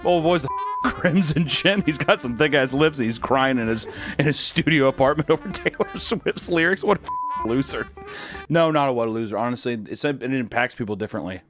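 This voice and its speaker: A man's voice: medium pitch, animated, fairly quick, over music. A man hosting a podcast, riffing casually with crude, profane jokes and frequent laughter. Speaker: podcast host. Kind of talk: casual comedic chat.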